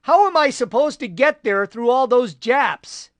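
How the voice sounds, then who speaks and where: A man voicing a wounded young Marine who protests and shouts curses. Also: extremely high pitch, expressive, measured pace, no room sound, voice pushed up. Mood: protesting.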